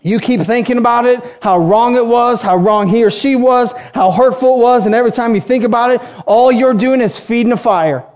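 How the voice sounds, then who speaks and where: A man's voice: very high voice, a little fast, hardly any pauses, darkish tone, lo-fi sound. A man preaching as pastor, emphatic and repeating key phrases as he builds his lists. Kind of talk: sermon.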